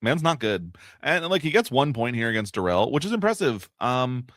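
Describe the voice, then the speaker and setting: A man's voice: medium pitch, sing-song, moderate pace, fairly bright tone, no room sound, studio quality. A man co-hosting a podcast, chatting in a laid-back way and laughing easily. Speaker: podcast co-host. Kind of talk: casual podcast recap chat.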